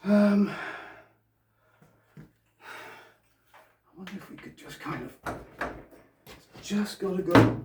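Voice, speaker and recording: A man's voice: high-pitched, fairly even intonation, takes it slowly, pauses often, heavy background noise. A man vlogging while he restores a vehicle in his garage, muttering to himself as he works and talking to a distant camera. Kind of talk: casual workshop vlog. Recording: echoey room, mic far off.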